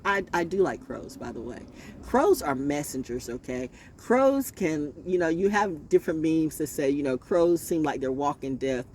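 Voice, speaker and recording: Animated man ranting outdoors. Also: fairly high pitch, slight background noise. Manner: animated, confrontational, laughing asides. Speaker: spiritual vlogger and storyteller. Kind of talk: rambling casual monologue.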